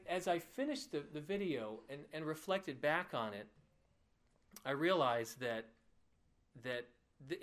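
A pastor preaching a sermon, telling a personal story in an earnest, heartfelt way. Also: male voice, on the high side.

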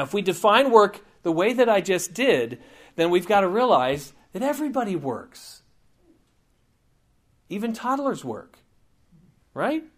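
A man giving a conversational teaching sermon, informal and digressive, with frequent asides and light humor. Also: high voice.

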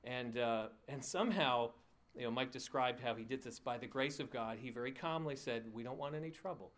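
A man's voice: mid-range voice, moderate pace, a bit bright. Man telling a story in a sermon. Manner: conversational, with frequent fillers and restarts; chuckles at his own asides. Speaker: pastor.

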